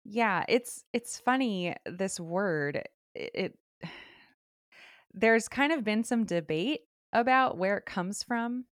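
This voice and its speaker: A woman's voice: medium pitch, lively intonation, takes it slowly, no echo. A young woman from Southern California co-hosting a podcast, rambling casually and hesitantly on a close mic. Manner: rambling, hesitant, restarts and fillers. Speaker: podcast co-host.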